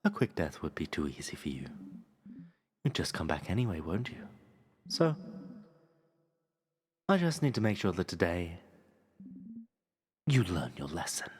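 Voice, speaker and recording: A streamer voicing a cruel, gloating villain king from a game, in a whispered role-play with hushed, threatening, drawn-out words. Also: sits low, very animated, breathy edge, pitched below the performer's own voice, full character voice. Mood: menacing. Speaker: streamer reading game dialogue.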